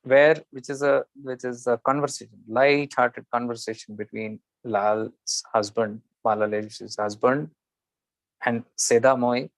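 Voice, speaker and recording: A man's voice: mid-range voice, steady tone, measured pace, no room sound, rough recording. A man giving a spiritual talk, retelling a legend and acting out the characters' lines, often restarting his sentences.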